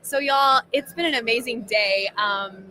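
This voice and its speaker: A woman with a Texan accent co-hosting a casual live sports stream, telling stories in a lively way and acting out each person's voice. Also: on the high side, a little slow, low-quality recording. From Texas. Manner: lively storyteller who acts out every voice in her story. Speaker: co-host. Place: at a baseball convention.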